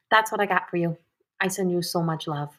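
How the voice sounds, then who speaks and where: Woman, 30s, psychic-medium host, live-stream reading. Slightly low, bright tone, soft and sighing. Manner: soft, emotional, tearful at times, frequent sighs.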